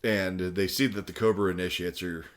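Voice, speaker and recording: Male podcast host, lowish voice, relaxed recap, chuckly. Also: moderate pace. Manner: laughs through plot summaries and quotes. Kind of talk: casual cartoon episode recap.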